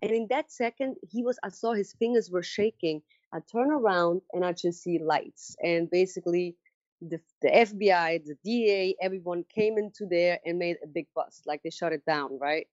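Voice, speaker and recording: A woman being interviewed, telling a personal story in a casual, animated way and acting out what people said. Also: on the low side, normal speed, no echo. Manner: animated storyteller who acts out quoted dialogue; frequent fillers and restarts, casual phrasing. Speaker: interview guest. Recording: dry, slightly dull lo-fi audio.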